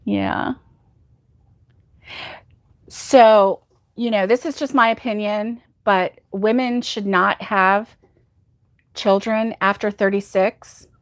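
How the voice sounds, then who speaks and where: A woman's voice: medium pitch, steady tone, slow pace, pauses often, dry recording, clean studio sound. A woman hosting a casual crochet livestream, telling corny jokes, laughing at her own puns and reading out viewer comments.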